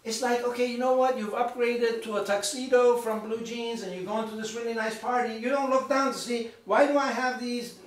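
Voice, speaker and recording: A man giving an author's talk in a bookshop, telling a story in an animated, chatty way with asides to the audience. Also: very high voice, fairly quick, few pauses. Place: bookshop event room. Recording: very echoey room, mic far off.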